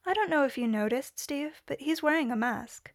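A woman's voice: high-pitched, steady tone, brisk, pitched above the performer's own voice, close to an everyday voice. A woman voicing a cool teasing female spy. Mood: light teasing. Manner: light, teasing.

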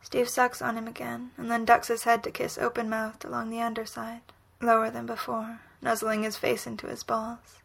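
A woman reading a romantic story aloud in whispered role-play, soft, breathy and unhurried. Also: on the high side, monotone. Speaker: reader.

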